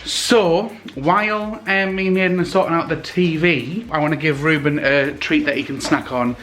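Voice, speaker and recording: A man's voice: a little high, steady tone, moderate pace, a bit bright, reverberant, slight background noise. Chatty young British man vlogging at home. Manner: chatty, rambling, full of ums. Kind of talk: casual vlog chat. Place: at home, indoors.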